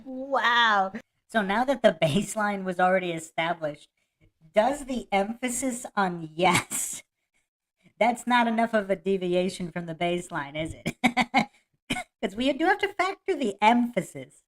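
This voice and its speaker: A woman's voice: medium pitch, expressive, a little slow. A woman hosting a podcast, laughing often and mocking as she talks through a debate clip and reads chat comments aloud. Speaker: podcast host. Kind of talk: casual live-stream commentary.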